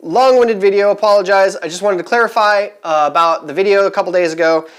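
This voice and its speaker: A man's voice: sits high, fast talker, a bit bright, smooth. A man talking casually to camera in a vlog, chatty and rambling with many fillers, upbeat and eager. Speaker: vlogger giving resale advice.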